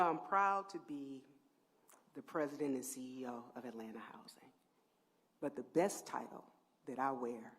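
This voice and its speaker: A middle-aged woman who heads a housing agency gives a heartfelt public speech at a press event. She swings from near-whispers to loud, emphatic peaks as she thanks people, speaking into a podium microphone. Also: low-pitched.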